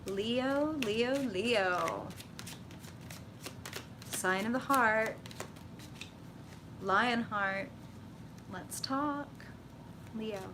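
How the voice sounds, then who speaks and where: A woman's voice: on the high side, drawn-out words, long pauses, background noise. A middle-aged woman reading tarot on a live stream, talking casually and swearing freely, with frequent laughs. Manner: casual, profane, animated, laughs often. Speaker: tarot reader.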